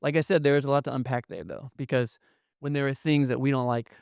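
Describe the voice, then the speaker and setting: A man co-hosts a podcast in a relaxed, conversational way, often pausing to check in with a quick 'okay?'. His voice is smooth and resonant at a middle pitch, and it sounds dry and close to the mic. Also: no echo. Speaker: podcast co-host. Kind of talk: casual podcast chat.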